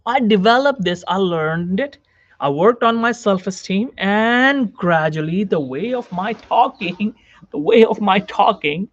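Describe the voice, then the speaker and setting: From a chair, a male doctor gives a psychology-based self-help talk directly to the camera, repeating himself and quizzing the viewer. His high, fairly bright voice is expressive and unhurried, recorded lo-fi with no room sound.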